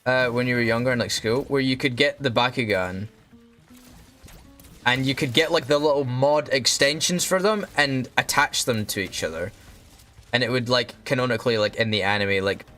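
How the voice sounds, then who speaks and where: A man's voice: mid-range voice, moderate pace, fairly bright tone. A young man casually commentating on a game he plays, ranting and swearing often. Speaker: streamer. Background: faint background music.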